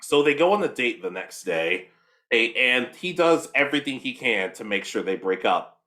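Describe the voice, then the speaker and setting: A young man co-hosting a casual anime talk show, retelling an episode with quick voices for the characters. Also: mid-range voice, big pitch swings, bright, forceful tone. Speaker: podcast co-host.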